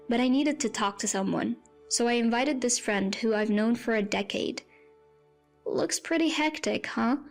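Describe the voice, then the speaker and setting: Woman narrating a story over faint music. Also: a little high. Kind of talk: first-person scripted story narration.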